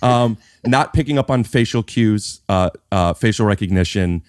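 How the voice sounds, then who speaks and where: Brief: male podcast guest, lowish voice, calm matter-of-fact explainer, dry close sound. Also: normal speed, clear, resonant tone, dry recording. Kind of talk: casual explaining.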